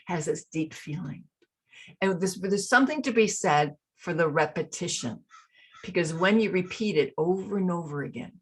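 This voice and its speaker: A middle-aged woman coaching an online workshop, guiding a group through body exercises and slowly repeated mantras in a soothing, rhythmic way. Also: fairly low pitch, slightly rough. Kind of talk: guided embodiment exercise.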